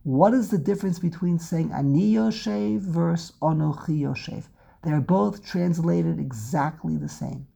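Woman teaching a torah class, low mellow voice, kinda husky, repeats herself a lot, asks questions then answers. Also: unhurried. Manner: asks rhetorical questions and repeats words while building a point. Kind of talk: lecture on Hebrew prayer and scripture.

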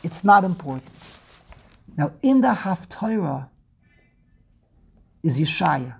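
A woman gives a slow, unhurried lesson on a religious text, her voice gravelly and somewhat husky. Her tone is dark and mellow. She poses rhetorical questions and circles back over words as she works through each point. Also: lowish voice, big pitch swings. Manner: asks rhetorical questions and repeats words while building a point. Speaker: Torah teacher. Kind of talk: lecture on Hebrew prayer and scripture.

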